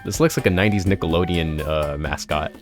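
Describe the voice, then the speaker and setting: A man's voice: sits low, a little fast, music in the background. A man reading a visual novel aloud and adding chatty, joking asides with frequent restarts. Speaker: let's player.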